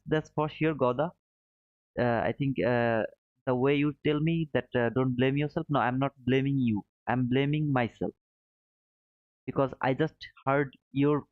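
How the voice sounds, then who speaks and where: A man's voice: medium pitch, no echo. A man hosting a live trading stream, talking to his viewers in an apologetic, self-critical way, often restarting his sentences. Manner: apologetic, self-critical, frequent restarts, non-native phrasing. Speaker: livestream trading host. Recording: dry, tinny phone-like sound.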